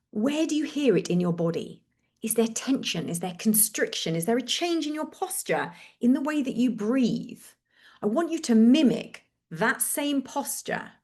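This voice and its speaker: Gentle woman leading a guided exercise. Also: mid-range voice. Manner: slow, gentle, with repeated prompts.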